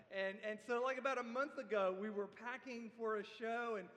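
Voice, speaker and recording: A man preaching a sermon, telling the story in a conversational, animated way with asides to the listeners. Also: extremely high pitch, normal speed. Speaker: pastor. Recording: echoey hall with long reverb.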